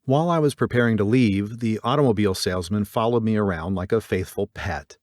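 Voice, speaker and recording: A man reading a story aloud as narrator, voicing the dialogue in a livelier, higher register and dropping low on speech tags. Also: a little fast, darkish tone, no room sound, studio quality. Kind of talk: audiobook narration with character voices.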